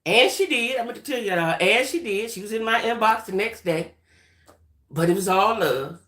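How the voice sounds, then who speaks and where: An adult woman hosting a livestream, telling a story in a chatty, animated way and talking straight to her viewers. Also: mid-range voice, normal speed. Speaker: livestream host. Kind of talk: casual storytelling chat. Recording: roomy echoey room.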